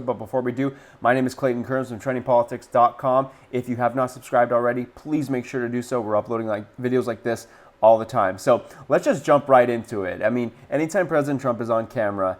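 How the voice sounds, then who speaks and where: A man hosting casual online political commentary, enthusiastic and chuckling as he introduces clips. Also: medium pitch.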